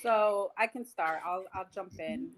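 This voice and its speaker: A woman's voice: medium pitch, a little slow, slight background noise, low-quality recording. A woman in her twenties, a teacher, speaking as a podcast guest over a video call in an earnest, thoughtful way. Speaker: high school teacher guest. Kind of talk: casual podcast conversation.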